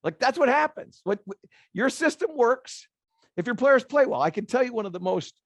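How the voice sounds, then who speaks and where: A middle-aged man, a golf instructor, speaking to a room of golf teachers as an animated storyteller who repeats phrases for emphasis. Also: extremely high pitch, normal speed, no room sound, clean studio sound.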